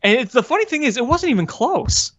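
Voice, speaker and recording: A man's voice: extremely high pitch, very animated, brisk, fairly bright tone. A man, co-hosting a sports podcast and telling a story earnestly, poking fun at himself. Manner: earnest storytelling, self-deprecating. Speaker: podcast co-host. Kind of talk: casual sports chat. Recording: dull lo-fi audio.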